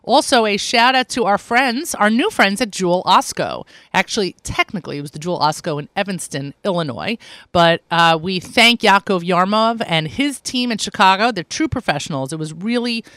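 A woman's voice: mid-range voice, lively intonation, normal speed, fairly bright tone, dry recording. A woman hosting a morning radio show in an upbeat, chatty way, speaking into a studio microphone. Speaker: radio host.

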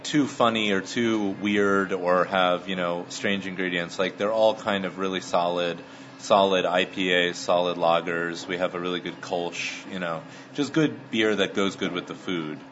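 Deep-voiced easygoing man. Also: a bit bright. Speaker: restaurant owner. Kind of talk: casual interview answers. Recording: muffled recording, faint background noise.

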